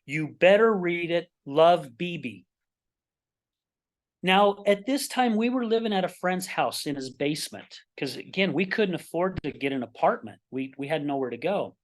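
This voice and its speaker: A middle-aged man from Utah, a podcast guest, telling personal stories in a lively way and acting out the dialogue. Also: sits high, moderate pace, hardly any pauses. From Utah, United States. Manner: animated, acts out quoted dialogue in his stories. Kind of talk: personal storytelling in a podcast interview.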